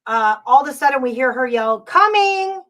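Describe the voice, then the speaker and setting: Woman, paranormal podcast host, slightly high voice, loose rambling delivery, frequent fillers. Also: fairly even intonation, fast, fairly bright tone. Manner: rambling, frequent ums and uhs, reads chat comments aloud. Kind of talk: casual live-show storytelling.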